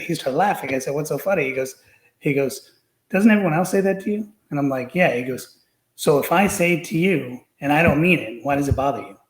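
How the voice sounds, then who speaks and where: A man talks through his memories as a podcast guest, circling back and restarting often. His voice sits at an ordinary middle pitch. The room around him rings with echo. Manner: rambling, many fillers and restarts. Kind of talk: casual storytelling.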